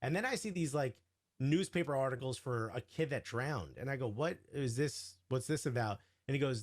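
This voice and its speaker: A man guest telling an animated, casual story, full of "like" and "you know", acting out the quoted dialogue. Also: medium pitch, moderate pace. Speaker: podcast guest.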